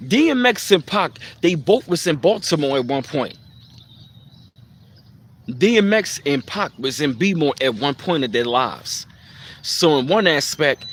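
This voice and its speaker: A man's voice: fairly high pitch, a bit bright. A man hosting a casual live stream, speaking in a loose, reflective way with plenty of fillers and repeated phrases.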